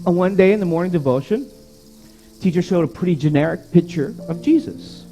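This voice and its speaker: Male pastor with an unusually high voice, animated storyteller, faint music behind. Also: a little fast. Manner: animated storytelling, building to prayer. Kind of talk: sermon storytelling.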